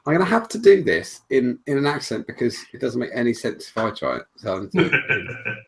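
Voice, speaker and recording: A man's voice: mid-range voice, big pitch swings, a little fast, creaky, a bit bright, low-quality recording. A man hosting a casual podcast, loosely reading out listener questions. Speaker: podcast host.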